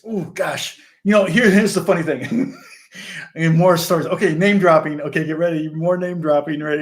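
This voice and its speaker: A middle-aged man, a musician and channel host, telling a long story in casual, rambling fashion, interrupting himself and laughing often. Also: fairly high pitch.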